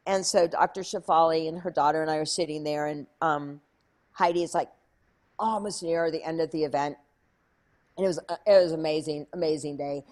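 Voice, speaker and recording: Chatty, lively woman telling a story. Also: deep voice, brisk. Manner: chatty, many "like" fillers, acts out her own past lines. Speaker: guest. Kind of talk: animated storytelling in an interview.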